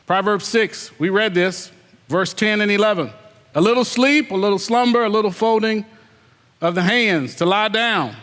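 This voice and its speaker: Preaching at a moderate pace, this pastor's high, slightly bright voice rings through a big, echoing hall. His sermon is fiery, singling out the congregation and ridiculing their excuses.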